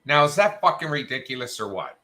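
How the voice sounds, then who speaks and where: A man's voice: mid-range voice, big pitch swings, fairly quick, pushed and bright. A man hosting a show, telling a story in a casual, profane, worked-up rant and quoting people in raised voices. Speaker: show host.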